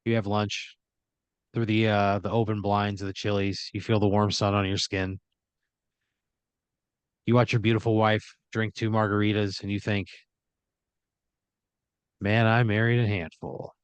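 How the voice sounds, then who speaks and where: A man's voice: on the low side, level tone, moderate pace, long pauses, clear, resonant tone, dry recording. A man hosting a comedy podcast, narrating an improvised second-person story and peppering it with "you know" and "like". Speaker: podcast host.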